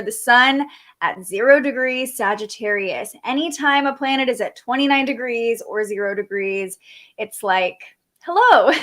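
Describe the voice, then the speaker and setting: A woman's voice: fairly high pitch, a bit bright. A young adult woman hosting a live astrology forecast, talking in an upbeat, chatty way and reading out viewer comments. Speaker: astrology show host.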